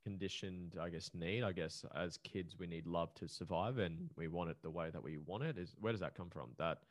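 A man hosting a podcast interview with a very low, deep voice. He asks his questions casually, pausing and restarting as he gropes for the right words. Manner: halting, searching for words. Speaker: podcast host.

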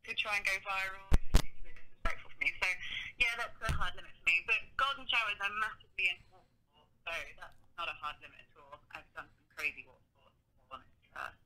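British female guest, bright and crisp, frank and chatty. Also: medium pitch, fast, a little hiss or hum, low-quality recording. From United Kingdom. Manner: chatty, frank, hedges with 'like'. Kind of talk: casual interview chat.

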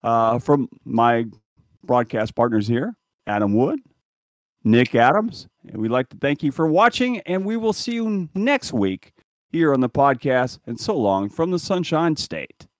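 A man hosting a podcast, telling a lively story in casual chat and laughing as he talks. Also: medium pitch, a little slow, no echo, clean studio sound. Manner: animated storyteller, laughs while talking. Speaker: podcast host.

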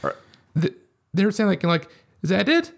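A man's voice: sits high, big pitch swings, moderate pace, gravelly. A man co-hosting a podcast, chatting casually and rambling with lots of filler phrases. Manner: rambling, heavy use of "you know". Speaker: podcast co-host. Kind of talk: casual chat.

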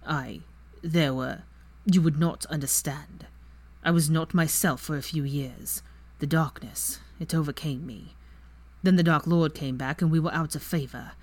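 A woman voicing a cold, haughty older wizard father in a fan story reading, with slow, measured lines. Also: deep voice, darkish tone.

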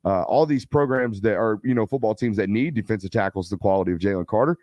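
A man in his thirties hosting a live football show, chatting casually and telling stories with loose slang and quick asides. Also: lowish voice, a little mellow, no room sound, dull audio. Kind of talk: casual live-stream chat.

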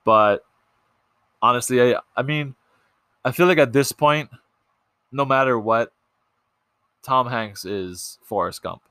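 A man's voice: medium pitch, takes it slowly, long pauses, sharp tone, clean tone, dry recording. A young man hosting a casual movie podcast, chatty and loose, with lots of ums and restarts. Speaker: podcast host.

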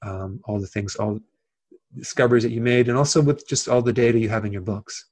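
A man with a mid-range, slightly mellow voice speaks fast in a steady tone. He is a health video creator appearing as a guest in a casual interview, explaining things plainly with frequent fillers and restarts.

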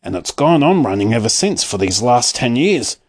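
A man voicing a gentle old grandfather in a storybook reading, telling a tale softly. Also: medium pitch, big pitch swings, normal speed. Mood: storytelling. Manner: soft and hushed.

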